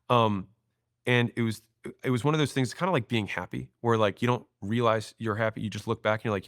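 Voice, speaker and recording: A man in his thirties, a podcast guest, telling stories and acting out quoted lines in an animated way. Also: fairly low pitch, fast talker, dry recording, clean studio sound. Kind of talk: storytelling interview talk.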